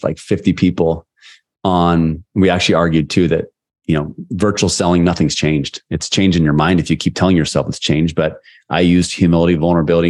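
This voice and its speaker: A man's voice: low-pitched, darkish tone. A man, a sales leadership coach, talking candidly as a podcast guest and retelling conversations as anecdotes. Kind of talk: casual interview storytelling.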